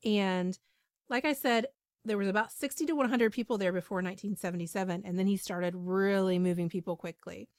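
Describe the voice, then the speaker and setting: A woman's voice: medium pitch, fairly quick, no echo, studio quality. A woman podcast host retelling a story in casual, chatty talk with frequent ums and asides.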